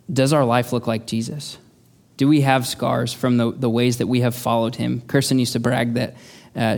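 Relaxed, halting male preacher. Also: medium pitch, creaky. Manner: relaxed, self-deprecating, wry humor; halting, restarts phrases often. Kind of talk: conversational sermon.

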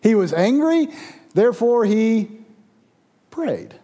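A man preaching a sermon to his congregation, with dramatic swings in volume and loud, raised passages. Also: sits high, very animated, takes it slowly. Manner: preaching with dramatic swings, loud when voicing the angry prophet. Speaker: pastor.

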